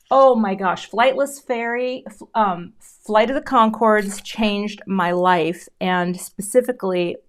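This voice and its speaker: Middle-aged woman, craft host, chatty live-stream talk, trails off and restarts mid-sentence while working. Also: mid-range voice. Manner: chatty, self-interrupting, reads out viewer comments.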